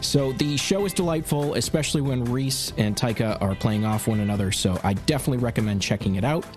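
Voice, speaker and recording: Man in his own voice as a podcast host, middle pitch, upbeat and promotional as he reads the intro and plugs, then moves into friendly questions, with faint music under him. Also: brisk, a little mellow. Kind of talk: scripted intro and interview questions.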